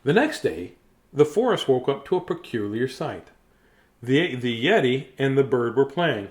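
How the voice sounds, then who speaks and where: A man's voice: medium pitch, big pitch swings, unhurried. A man reading a bedtime picture book aloud on a live stream, breaking off for chatty, chuckling asides. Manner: chatty, chuckling asides between read lines. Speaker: storybook reader and host.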